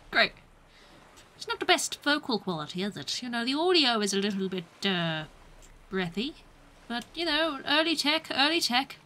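A woman's voice: a little high, big pitch swings, normal speed, sharp tone. A woman streamer giving playful, chatty commentary while playing a game, often breaking into exclamations. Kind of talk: casual gameplay commentary.

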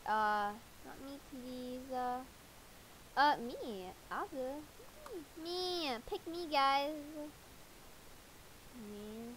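A woman giving casual, jokey gameplay commentary with excitable reactions. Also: sits high, extremely slow, long pauses, a little hiss or hum, rough recording. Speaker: gamer.

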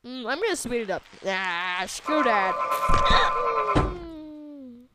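A woman commentating a video game, excitable, yelling at the game and trailing off into mumbles. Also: fairly high pitch, slow. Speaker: let's play gamer. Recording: loud background noise.

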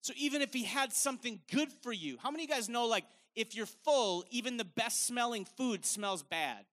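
A man preaches a sermon in a strikingly high, forceful voice. He talks in a loose, conversational way and drives his points home by repeating phrases. The energy stays up throughout. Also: expressive, moderate pace. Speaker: evangelist preacher.

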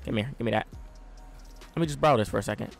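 With faint music behind him, a young gaming streamer races through commentary on his own play in a creaky voice. He's excitable and full of trash talk, lurching from loud outbursts into low mutters.

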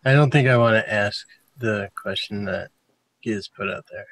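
A man's voice: fairly low pitch, moderate pace, a bit bright. A man hosting a casual group chat about vaping, laid-back and joking, with some swearing. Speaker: vaping show host.

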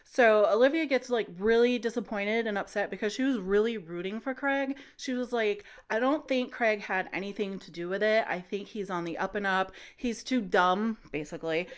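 Chatty woman with a smooth voice. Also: medium pitch. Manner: chatty, acts out characters' lines in quick voices; loose and rambling, many fillers. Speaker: podcast host recapping a book. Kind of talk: casual book recap.

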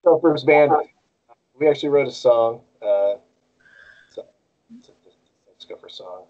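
In a muffled recording, a cartoon voice actor chats casually as an interview guest, speaking slowly in a mid-range voice. He's animated and keeps jumping into snippets of character voices.

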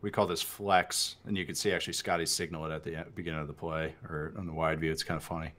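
A man, a former quarterback, casually explaining his team's old play calls in a relaxed way. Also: extremely low pitch, fast. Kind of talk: casual film breakdown chat.

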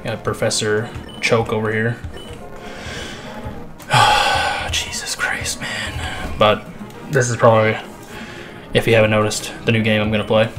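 A man's voice: fairly low pitch, monotone, a little slow, pauses often. A man doing let's play commentary on a video game, out of breath, swearing constantly and sighing between lines. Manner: profane, crass, sighing often. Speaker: gaming channel host. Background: game music.

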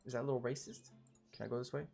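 Brief: laid-back gamer guy, gravelly and profane, with faint game music behind him. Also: mid-range voice, level tone, very fast, dark tone. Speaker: game streamer. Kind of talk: casual gameplay commentary.

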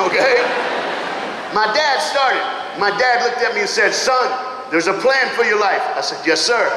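A man giving a motivational speech to students, animated, calling out to the crowd, laughing often and swinging from loud to hushed. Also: high voice, slight background noise. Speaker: motivational speaker. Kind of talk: school assembly motivational speech. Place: large school auditorium or gym. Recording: echoey hall with long reverb.

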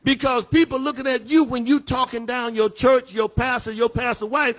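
A man, a pastor teaching a Bible study lesson, emphatic, repeating his phrases and rising at times to a shout. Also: extremely high pitch, steady tone, moderate pace. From Southern United States.

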